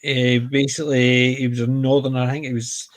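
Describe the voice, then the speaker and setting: A Scottish man chatting on a casual panel, telling stories with emphatic, animated delivery. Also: medium pitch, brisk. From Scotland.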